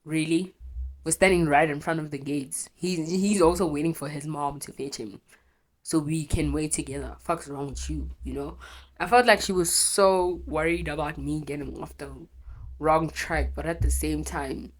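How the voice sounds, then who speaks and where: A woman's voice: deep voice, steady tone, moderate pace. A young woman telling a painful personal story in a raw, emotional way, swearing and correcting herself, teary with a runny nose from crying. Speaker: storytelling vlogger.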